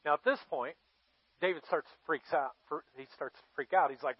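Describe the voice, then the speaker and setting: Pastor guy with a high voice telling a bible story, chatty with pauses, dry dull sound. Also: lively intonation, husky, no echo. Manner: conversational storytelling, dramatic pauses, asks the audience questions. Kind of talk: sermon.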